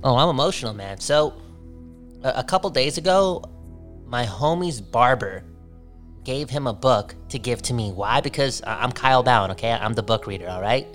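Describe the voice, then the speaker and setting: A man chatting on a phone call, animated and emphatic, tagging his sentences with "okay?". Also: medium pitch, normal speed, soft background music. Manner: animated, repeats "okay?" a lot. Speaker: caller. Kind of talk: casual phone chat.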